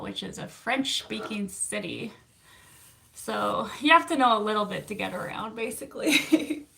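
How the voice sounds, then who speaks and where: A therapist, chatting casually on a livestream and answering viewer comments with frequent laughs. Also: female voice, a little high, vocal fry, background noise. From Canada. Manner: chatty and upbeat, laughs often, self-teasing.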